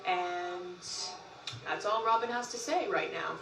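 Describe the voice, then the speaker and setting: A woman telling a long story in casual talk, animated, often laughing and acting out what others said. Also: on the low side, unhurried, far from the mic. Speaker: group member recounting events. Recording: roomy, from off-mic.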